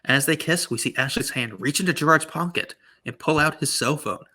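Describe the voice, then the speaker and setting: A man's voice: fairly high pitch, bright, forceful tone. A man co-hosting a comedy podcast, reading his own script aloud with playful stumbles. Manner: playful, stumbling, quick to laugh.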